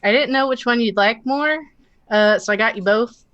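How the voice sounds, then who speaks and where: A woman's voice: a little high, fairly bright tone, clear, resonant tone, dry recording, muffled recording, close to an everyday voice. A woman voicing a kind, thoughtful tiefling woman adventurer who halts and fills gaps with "uh" as she talks. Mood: earnest. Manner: halting, full of fillers.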